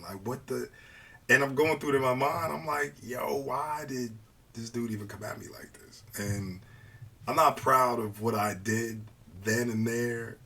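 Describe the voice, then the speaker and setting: A man casually telling a personal story, animated, swinging between hushed asides and excited outbursts. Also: mid-range voice, breathy edge, recorded from a distance.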